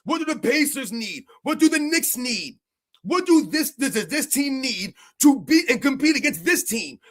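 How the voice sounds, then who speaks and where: A man with a strikingly high voice rants on a live sports stream. He sounds heated and mocking, and he keeps hammering home rhetorical questions. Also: big pitch swings, normal speed, fairly bright tone.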